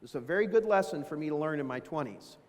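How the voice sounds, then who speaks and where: A man's voice: fairly high pitch, animated, fast talker. Folksy man speaking in a reverberant hall. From Dayton, Ohio. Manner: folksy storytelling, self-deprecating asides. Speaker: keynote speaker. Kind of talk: motivational business talk. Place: large event hall.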